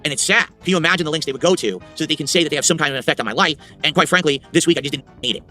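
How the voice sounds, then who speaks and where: A man streaming live, talking in a rambling, defiant monologue to his chat that often drops to a low mutter. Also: racing, sharp tone, faint music behind. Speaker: livestreamer.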